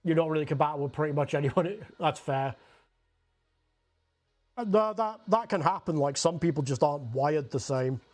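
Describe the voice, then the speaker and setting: A man's voice: fairly high pitch, animated, moderate pace, a little mellow. A young man with a Scottish accent chatting casually and rambling while he paints on a livestream, swearing freely and saying "like" a lot.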